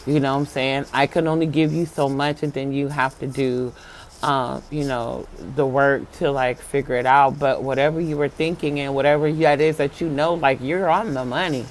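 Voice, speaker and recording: An excitable vlogger recounting a spiritual encounter to viewers, dropping to a hush, then bursting out loud and laughing. Talk is loose and full of fillers like "like" and "um", with frank, casual swearing. The voice sits at a middling pitch. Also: moderate pace, slight background noise. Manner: filler-heavy, lots of "like".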